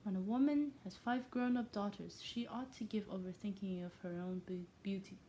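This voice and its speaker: A weary middle-aged husband, dry and teasing, with a calm, unhurried delivery, as a woman reader puts him on. The voice is mellow and warm. It comes from a storybook reading by a non-native English speaker. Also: mid-range voice, a little hiss or hum, close to an everyday voice. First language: not English.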